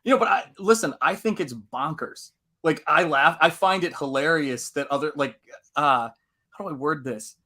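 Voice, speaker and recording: A man hosting a live stream in casual chat, animated and laughing often, speaking in a General American accent. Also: on the high side, moderate pace. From United States. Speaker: livestream host.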